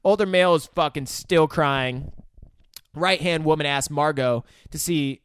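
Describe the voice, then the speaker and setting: A man's voice: fairly high pitch, unhurried, clear, resonant tone, no room sound. A young man with a slightly raised voice narrates a film's plot to his podcast partner. He swears freely and slips into the characters' lines. The recording is dry and close-miked. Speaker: podcast co-host. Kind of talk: casual movie recap chat.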